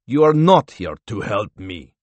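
A man's voice: fairly low pitch, very animated, unhurried, a little mellow, no room sound. A man voicing a frightened Russian captive who turns from defiant to pleading in a strained, raised voice.

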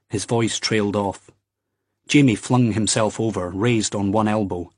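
A man narrating an audiobook in a measured, wry storytelling manner. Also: fairly low pitch, husky, no echo, clean studio sound. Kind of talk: scripted narration.

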